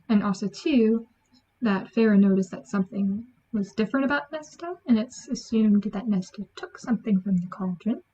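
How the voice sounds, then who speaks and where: A woman giving a chatty, animated book review, acting out lines from the story. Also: mid-range voice. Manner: chatty, animated, acts out quotes. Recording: dull lo-fi sound.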